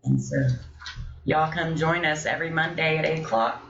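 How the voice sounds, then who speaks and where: A man co-hosting a live talk show, chatty and quick to chime in and agree. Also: on the high side, steady tone, creaky. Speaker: co-host of a radio show. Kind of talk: casual chat and radio sign-off. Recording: muffled echoey room.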